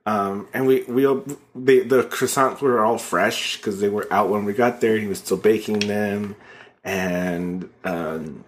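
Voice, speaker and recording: A man's voice: on the low side, a little slow, slight background noise. Wheezy young man chatting casually. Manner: rambling, restarts often, laughs easily. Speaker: podcast co-host. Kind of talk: casual chat.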